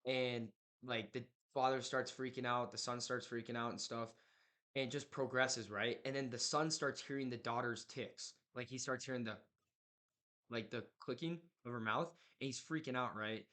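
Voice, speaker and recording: A man's voice: medium pitch, steady tone, normal speed, bright, forceful tone. A young man in casual chat, retelling a horror movie plot in a rambling way, full of filler words and slang.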